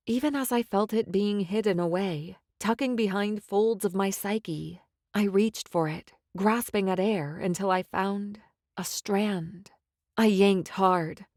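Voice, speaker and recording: A woman narrating a first-person fantasy audiobook in a steady, expressive storytelling manner. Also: mid-range voice, no echo, clean studio sound.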